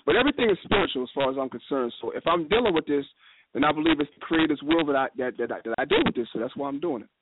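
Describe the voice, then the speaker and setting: Man, fast speech, slightly high voice, tinny phone line, steady hiss behind. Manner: fast, animated storytelling with quoted dialogue. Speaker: guest speaker. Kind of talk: casual radio discussion.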